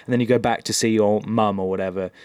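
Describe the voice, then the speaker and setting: A man's voice: on the low side, steady tone, fast, darkish tone, clear, resonant tone, dry recording. A man co-hosting a podcast in casual chat, rambling and hesitant with lots of um and uh. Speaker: podcast co-host.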